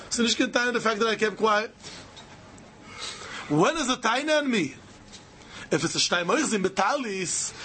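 High, bright male lecturer. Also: slight background noise. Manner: animated, repeats phrases, mixes Yiddish and Hebrew terms. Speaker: Talmud teacher. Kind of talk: yeshiva-style Talmud lecture.

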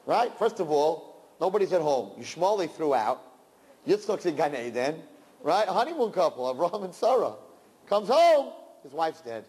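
A man, a rabbi, giving an animated sermon to young people, sprinkling in Yiddish and Hebrew terms and swinging between loud and hushed. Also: a little high, normal speed, breathy edge, long reverb tail.

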